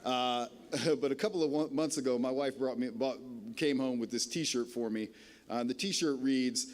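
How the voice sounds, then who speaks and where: A man's voice: mid-range voice, steady tone, normal speed. A man giving a ceremony speech as a college dean, wry and self-deprecating, with frequent "uh" fillers. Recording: long reverb of a large hall.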